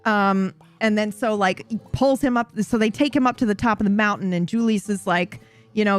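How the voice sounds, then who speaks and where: A woman's voice: medium pitch, normal speed, soft background music. A woman casually recapping a roleplay story, rambling, swearing and correcting herself as she goes. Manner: rambling, profane, self-correcting.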